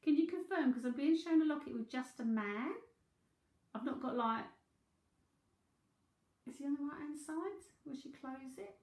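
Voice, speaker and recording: A woman's voice: sits high, moderate pace, pauses often, darkish tone. A woman with a London Cockney accent giving a live psychic reading, chatty and thinking aloud with frequent laughs. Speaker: psychic medium. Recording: roomy echo.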